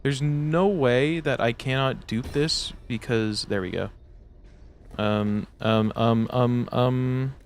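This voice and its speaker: A young man with a medium-pitched voice streams a game, rambling and joking casually with his viewers and swearing freely. He talks slowly, and there's a little hiss or hum on the audio.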